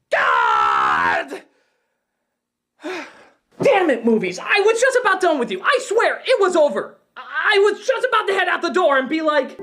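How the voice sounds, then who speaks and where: A woman reviewing a film in an excitable, profane comedic rant, often yelling. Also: high-pitched, measured pace. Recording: background music.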